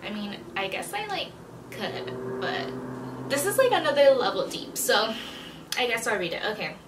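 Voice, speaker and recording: A woman's voice: a little high, sing-song, a little slow, recorded from a distance, noisy background. A young woman vlogging in a frank, chatty way, swearing and filling her talk with "like", recorded in an echoey room a bit away from the mic. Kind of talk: casual confessional chat.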